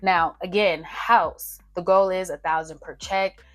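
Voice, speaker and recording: Casual budgeting vlogger, young woman, fairly low voice, chats straight to camera and counts numbers aloud. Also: steady tone, a little slow. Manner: chatty, talks straight to her viewers, counts aloud. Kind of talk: casual talk-through while writing a budget. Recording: faint music behind.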